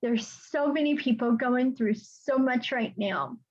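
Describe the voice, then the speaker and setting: A woman's voice: a little high, a little slow, a little mellow. Tearful woman leading a call. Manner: emotional, tearful, heartfelt. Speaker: team leader. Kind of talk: casual team meeting talk. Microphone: video call. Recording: dull lo-fi call audio.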